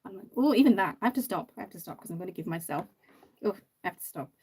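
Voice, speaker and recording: A woman's voice: lowish voice, rapid-fire, darkish tone, slightly rough. A woman hosting a makeup livestream, chatting casually and rambling with many ums while reading viewer comments. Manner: chatty, rambling, lots of ums and "you know".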